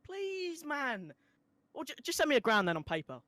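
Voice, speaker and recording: A man's voice: very high voice, wildly swooping pitch, moderate pace, bright, forceful tone, a little hiss or hum, pitched above the performer's own voice, heavily acted. A man voicing his needy teenage self, begging a famous idol for a hello. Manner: begging, repetitive, wheedling. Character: pleading teenage boy fan, needy and whiny.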